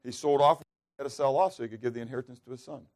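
A man preaching a sermon at an ordinary middle pitch. He keeps asking his listeners questions. He acts out the prayers he quotes. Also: rapid-fire, darkish tone. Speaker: pastor.

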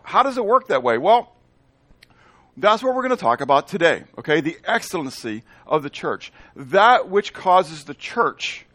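A male pastor delivers a sermon in a slightly high, somewhat bright voice, recorded without echo. He frequently poses questions to the congregation and answers them himself, dropping playful asides in invented words.

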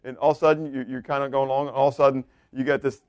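A pastor with a mid-range, darkish voice that is clear and resonant preaches a sermon very fast in a level tone. He's loose and conversational, asking the congregation questions and laughing now and then. There's no echo.

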